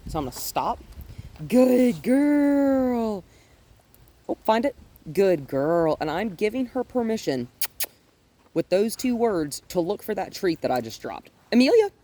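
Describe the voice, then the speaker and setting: Lively, mellow-voiced woman dog trainer. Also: normal speed. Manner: explains calmly, then praises the dog in a high, happy voice. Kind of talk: hands-on training demonstration. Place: outdoors in a yard with trees. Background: faint wind.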